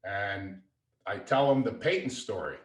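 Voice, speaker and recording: Low-voiced man telling stories in an echoey room. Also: a little slow. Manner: lively anecdotal storyteller. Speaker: guest, father and entrepreneur. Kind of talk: conversational storytelling. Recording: echoey room, distant mic.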